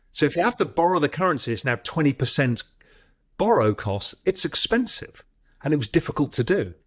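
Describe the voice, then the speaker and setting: A middle-aged man from the United Kingdom, a former trader telling stories as an interview guest. He talks in quick bursts and then slows down to stretch out the important points. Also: fairly high pitch, slightly rough. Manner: animated storyteller, quick bursts and stretched-out emphasis. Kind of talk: storytelling in a long-form interview.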